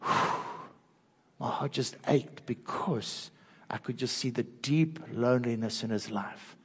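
An older man with a South African accent, preaching an earnest sermon through personal stories and dropping soft and low at tender moments. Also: slow pace, slightly rough. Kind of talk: storytelling sermon. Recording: long hall reverb.

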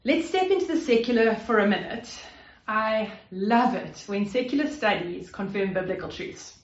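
A woman's voice: medium pitch, animated, moderate pace. A woman preaching a sermon in an earnest, conversational way, with fillers and restarts. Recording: roomy, slightly dull sound.

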